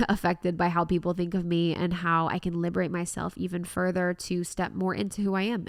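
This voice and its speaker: Young female podcast host, lowish voice with vocal fry, earnest and reflective, dry close mic. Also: dry recording. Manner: warm, earnest, reflective self-help talk. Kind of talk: solo podcast monologue.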